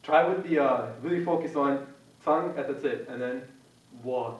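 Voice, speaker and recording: In a university meeting room, a young male Quran recitation teacher leads a pronunciation class, relaxed and patient, repeating sounds over and over as models for students. He has a mid-range voice and a moderate pace, captured on a distant, muffled mic in an echoey room.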